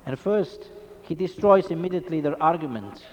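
A man's voice: fairly high pitch, animated, normal speed, a little mellow, big-room sound, lo-fi sound. A man preaching a Catholic sermon, emphatic and full of rhetorical questions.

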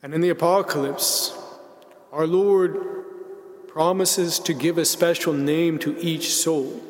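A man's voice: on the high side, steady tone. Reflective male preacher in a hall. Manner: measured, reflective, slowing down on key words. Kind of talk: sermon. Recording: long reverb in a large hall.

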